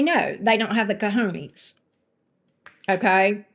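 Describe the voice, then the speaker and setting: An older woman with a medium-pitched, fairly bright voice and lively intonation chats through a live tarot stream at a normal pace. Blunt and sassy, she talks directly to viewers in the chat by name.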